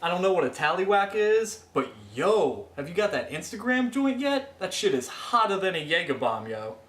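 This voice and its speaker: A man's voice: high-pitched, sing-song, moderate pace, a bit bright, echoey room. A man playing a brash wannabe Jersey Shore bro in a comedy sketch, with a terrible put-on New Jersey accent. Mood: cocky.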